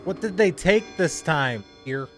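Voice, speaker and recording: A man's voice: a little high, animated, a little slow, soft background music. A man hosting a reaction video, making wry short comments as he watches. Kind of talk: casual reactions.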